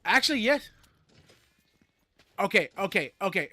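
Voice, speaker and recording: Male streamer in his thirties, bright, slightly high voice, rambly and excitable. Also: a little fast, dry recording. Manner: rambling, excitable, swears, many fillers. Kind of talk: casual gaming stream chat.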